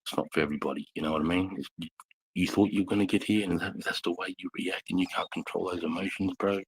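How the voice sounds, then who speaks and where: Aussie vet guy, super deep gravelly husky voice, swears a lot telling war stories. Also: level tone, fast talker, poor audio. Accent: Australian. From Australia. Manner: blunt, heavy swearing, intense. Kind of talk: casual bar chat.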